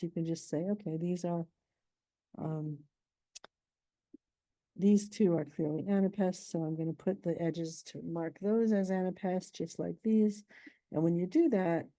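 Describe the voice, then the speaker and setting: A middle-aged woman teaching a poetry lesson in a deep, mellow voice, pitched a little low. She explains patiently and thinks aloud as she goes. The sound is dry and close. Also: no echo, poor audio. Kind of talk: explanatory lesson on poetic meter.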